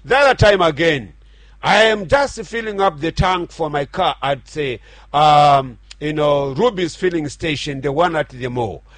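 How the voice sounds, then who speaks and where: A man's voice: a little high, a little slow, fairly bright tone, no room sound. A middle-aged man preaching a radio sermon, earnest and repetitive with frequent restarts. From Zambia. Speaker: radio pastor.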